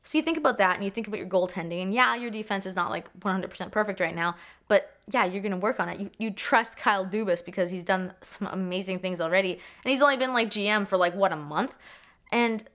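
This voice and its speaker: A young woman from Canada chatting excitedly as a sports vlogger, swearing freely, repeating herself and trailing off mid-thought. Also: medium pitch, fast. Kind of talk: excited casual vlog chat.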